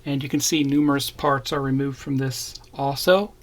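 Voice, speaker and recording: A man's voice: mid-range voice, steady tone, normal speed. A man narrating a casual model kit review, plainly pointing out parts as he shows them.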